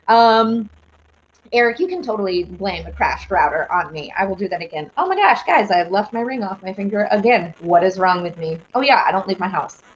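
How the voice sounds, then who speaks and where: A woman's voice: medium pitch, a little fast, a little hiss or hum. A young woman hosting a casual live stream, reading viewer comments and chatting in a bubbly, rambling way. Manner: bubbly, squeals with excitement, rambling. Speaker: live-stream host and singer. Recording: dull lo-fi stream audio.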